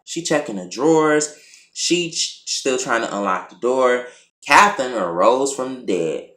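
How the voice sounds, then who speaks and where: Man, casual TV recap vlog, blunt and profane, lively pitch, roomy echo. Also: unhurried. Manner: animated, blunt, profane, chatty. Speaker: TV review vlogger.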